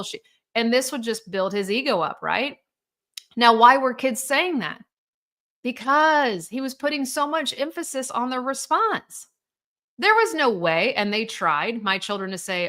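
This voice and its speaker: Bright-voiced candid woman host. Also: fairly high pitch, expressive, normal speed. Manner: candid and blunt, acts out quoted voices. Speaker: divorce coach hosting a live show. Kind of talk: live talk to viewers.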